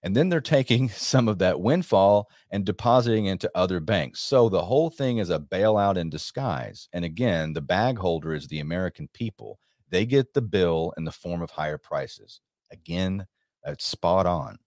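Male radio host, very low voice, dry close sound, emphatic and rambling. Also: animated, moderate pace, darkish tone, no room sound. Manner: emphatic, rambling, with frequent restarts. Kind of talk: monologue commentary.

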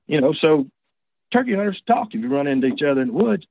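A man's voice: a little high, very animated, fast, creaky, slightly rough, no room sound. A man tells a personal story in a casual, folksy, rambling way, full of restarts and asides. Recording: tinny dry phone line.

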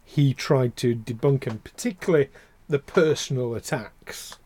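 A man's voice: medium pitch, measured pace, a little mellow, breathy edge. A man co-hosting a podcast in casual chat, rambling and getting heated, with the odd swear. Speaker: podcast co-host.

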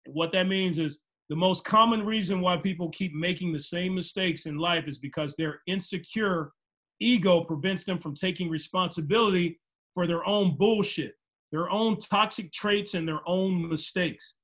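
A man's voice: sits high, normal speed, a bit bright. A man hosting a casual talk show, reading out a list and riffing with emphatic, profane, joking remarks. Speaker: host.

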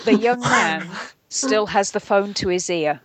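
A woman narrating a bad script aloud for a group in a deadpan way. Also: mid-range voice, measured pace, very noisy. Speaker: reader in a group reading game. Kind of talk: dramatic reading of a bad script.

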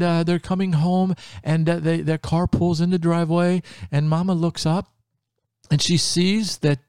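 Gravelly, animated storytelling man. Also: lowish voice, no room sound, clean studio sound. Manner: animated, quizzing listeners, sound effects. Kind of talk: children's story narration.

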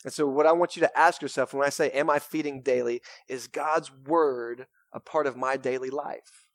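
A young man, preaching a sermon in a casual, energetic way with lots of "right?" and "man". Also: medium pitch, moderate pace, no echo. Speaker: pastor. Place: church sanctuary.

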